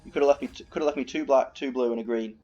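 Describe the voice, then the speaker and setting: A gaming video host commentates casually on his own card game, muttering, swearing and ranting in exasperation whenever he gets annoyed. His mid-range voice is rapid-fire and dark in tone, on a dull lo-fi recording.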